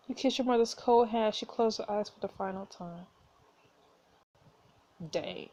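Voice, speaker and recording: A woman's voice: medium pitch, measured pace, long pauses, warm tone. A woman playing a story game, reading its narration aloud and making casual asides. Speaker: gameplay streamer.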